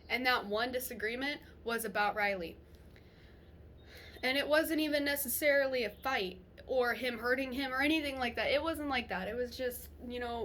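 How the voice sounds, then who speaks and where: Young woman vlogging, bright tense voice, chatty and swears a lot, slight room hum. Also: a little high. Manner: chatty and animated, swears freely, laughs through the story. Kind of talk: casual storytelling to camera.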